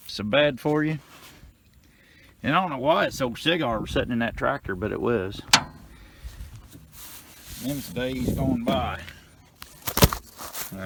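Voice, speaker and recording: A man's voice: medium pitch, a little hiss or hum. A middle-aged man, ranting in a folksy, cussing way about his farm equipment, recorded outdoors on a farm. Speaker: farm vlogger.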